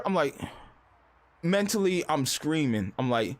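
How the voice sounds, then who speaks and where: A man's voice: sits high, animated, moderate pace. A man live-streaming, ranting casually and profanely in a rambling, storytelling way.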